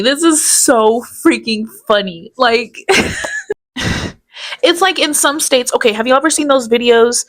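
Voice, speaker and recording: A woman talks through a casual reaction commentary in a slightly higher voice. She is chatty and sarcastic and keeps breaking into laughter. She speaks as the host of her own channel. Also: expressive, a little slow.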